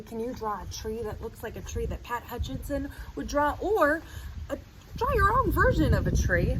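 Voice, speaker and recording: A woman reading a children's picture book aloud outdoors, chatting with young listeners between pages and acting out the animal sounds. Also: on the high side. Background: sirens and street noise.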